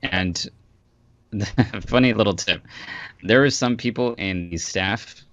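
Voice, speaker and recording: Very deep-voiced man on a muffled call. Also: slow, a bit bright, no room sound. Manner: easygoing, joking. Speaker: voice actor guest. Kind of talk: casual interview chat. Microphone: online call.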